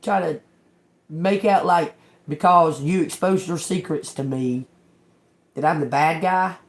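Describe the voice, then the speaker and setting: A woman's voice: deep voice, a little slow. A woman giving a casual live tarot reading. She talks bluntly, swears often, laughs between phrases and keeps checking whether her listeners understand. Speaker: tarot reader.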